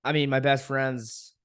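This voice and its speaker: A man's voice: medium pitch, fairly bright tone, clean tone, no room sound, clean studio sound. A young man hosting a podcast, talking casually and frankly, venting with frequent swearing and laughing at himself. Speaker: podcast host. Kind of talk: casual solo podcast monologue.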